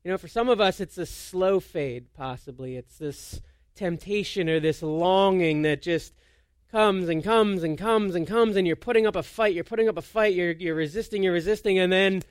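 High-voiced pastor preaching a casual sermon. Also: male voice, moderate pace, no echo, studio quality. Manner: storytelling with frequent restarts; self-deprecating and animated. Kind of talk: conversational sermon.

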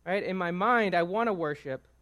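A man's voice: sits high, normal speed, fairly bright tone. A man preaching a conversational sermon to his congregation in church. He talks informally, poses questions to the room and keeps checking in with "right?". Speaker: pastor. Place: church sanctuary before a congregation.

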